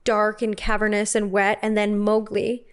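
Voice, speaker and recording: A woman's voice: medium pitch, monotone, normal speed, clean tone. A young woman co-hosting a podcast, telling stories playfully and acting out quoted lines. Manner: playful storyteller, acts out quotes. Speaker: podcast co-host. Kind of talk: casual comedic chat.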